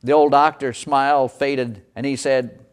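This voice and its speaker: A man's voice: mid-range voice, little pitch movement, unhurried, clear, resonant tone. A man preaching, telling a dramatic first-person story as a sermon illustration. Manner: dramatic storytelling, voicing the characters.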